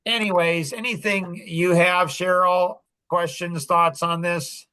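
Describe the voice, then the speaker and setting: Animated storytelling man, bright voice. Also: sits high, takes it slowly, clean tone, dry recording. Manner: animated, acts out quoted dialogue. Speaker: podcast host. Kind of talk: casual storytelling chat.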